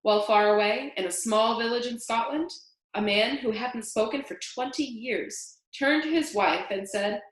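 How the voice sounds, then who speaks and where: A woman reading a children's book aloud with an expressive, animated delivery. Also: fairly high pitch, normal speed. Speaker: storyteller. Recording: echoey room.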